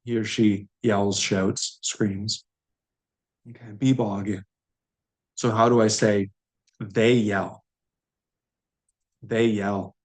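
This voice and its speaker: A man with a fairly low voice runs a language lesson at an unhurried pace. He says each word aloud, repeats it patiently, then explains it in plain terms. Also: little pitch movement. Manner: slow, patient, repeats words aloud for learners. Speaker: language teacher.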